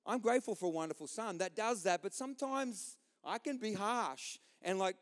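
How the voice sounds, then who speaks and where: A middle-aged man preaching a sermon as a pastor, impassioned, swinging between loud outbursts and quiet asides. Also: sits high, moderate pace, hardly any pauses, big-room sound.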